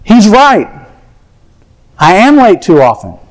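A man's voice: high voice, wildly swooping pitch, slow pace, low-quality recording. Earnest man preaching a personal story. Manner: earnest, confessional, acts out his own thoughts. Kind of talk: sermon storytelling.

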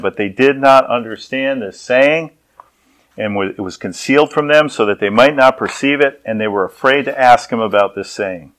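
A man's voice: mid-range voice, moderate pace, fairly bright tone, low-quality recording. A man preaching a sermon as pastor, telling personal stories and acting out the people in them. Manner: storytelling, acts out voices.

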